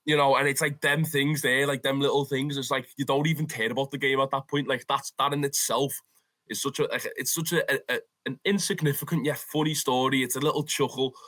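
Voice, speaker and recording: A young Scouse man is spinning a story in a relaxed interview. His voice is bright and forward, and his telling is lively and full of swearing. He keeps calling the listener "lad". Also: medium pitch, a little fast. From Liverpool, England. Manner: animated, swears freely, calls the listener "lad". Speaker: interview guest, football fan.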